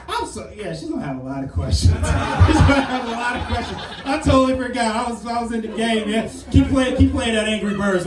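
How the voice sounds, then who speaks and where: A man in his thirties works a club crowd with a brash, animated stand-up set. His voice sits high and bounces widely in pitch. The sound is roomy and a little distant, like a live club recording. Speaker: stand-up comedian. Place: comedy club stage. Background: audience laughter.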